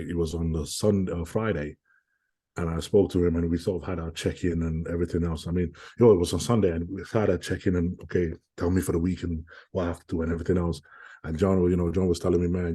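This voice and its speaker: A young professional bodybuilder from the United Kingdom, a guest in an interview, tells his story earnestly in a deep, husky voice with a dark, mellow tone. He repeats phrases often and acts out what other people said.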